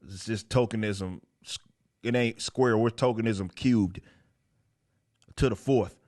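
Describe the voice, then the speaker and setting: A man's voice: fairly low pitch, takes it slowly, darkish tone. A man hosting a comic book commentary channel, talking in a blunt, profane, sarcastic way and rambling through self-corrections. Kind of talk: casual ranting commentary.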